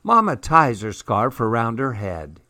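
Brief: gentle male read-aloud narrator, unhurried, dry and close. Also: medium pitch, very animated, no room sound. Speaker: storyteller. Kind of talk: children's storybook read-aloud.

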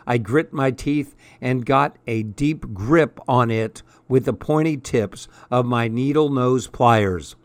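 A man reads a first-person story aloud in a measured, expressive narrating voice. He takes a slow, unhurried pace, and his voice sits at a middle pitch. The recording is close and dry, with no room sound. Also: no room sound. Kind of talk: audiobook narration.

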